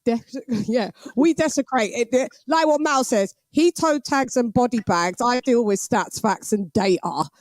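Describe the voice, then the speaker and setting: Woman, boxing stream host, slangy animated banter, dry close sound. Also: on the high side, measured pace, few pauses, no echo. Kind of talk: casual livestream commentary.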